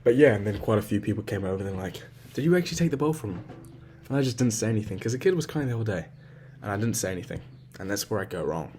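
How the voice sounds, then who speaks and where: Low-voiced young man, rambling and profane. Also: animated, racing, noisy background. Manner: rambling and self-reflective, with heavy swearing and slang. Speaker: vlogger. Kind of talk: casual spoken journal.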